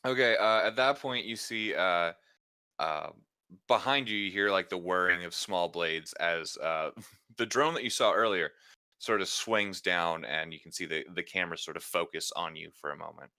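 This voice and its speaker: A man's voice: deep voice, normal speed, bright, forceful tone. A man narrating a tabletop role-playing game as game master, describing scenes in a rambling way with lots of fillers and self-corrections. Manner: laughs often between lines.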